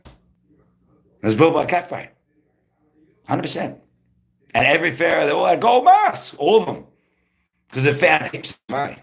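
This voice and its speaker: Streamer, male, rambling casual chat, gravelly fry in the voice. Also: a little high, very animated, unhurried, pauses often. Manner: rambling, talks to chat viewers by name.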